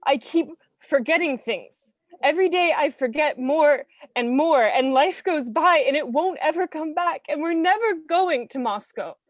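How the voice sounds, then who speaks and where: A woman reading the part of a weary young woman of twenty-three, halting and caught between sobs and laughter. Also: high-pitched, animated, no echo. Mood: despairing. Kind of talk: staged play reading.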